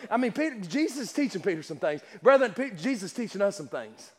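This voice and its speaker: A male preacher delivering a sermon at a church service, emphatic and repetitive, firing rhetorical questions and stumbling over quick restarts. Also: high voice, very animated, breathy edge, big-room sound. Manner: stammering restarts.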